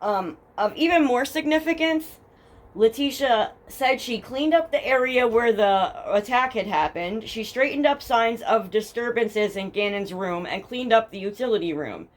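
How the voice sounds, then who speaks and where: A woman's voice: a little high, animated, normal speed. A young woman with a New Jersey accent hosting a true crime podcast, reading case documents aloud and breaking off to mock them bluntly with lots of swearing. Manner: blunt, profane and sarcastic, reads case documents then mocks them. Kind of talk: casual true crime storytelling. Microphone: headphones with a home mic.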